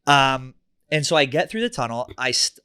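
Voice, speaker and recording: A man, a podcast co-host telling an animated, profane story in casual chat and acting out quotes. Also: mid-range voice, normal speed, smooth, no room sound, studio quality.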